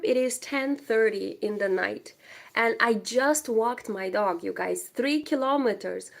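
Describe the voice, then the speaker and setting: A woman's voice: fairly high pitch, unhurried, vocal fry. A young woman with a cold, chatting casually with viewers of her crochet livestream from home. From Moldova. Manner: chatty, distracted, greets viewers. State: has a cold. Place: home indoors.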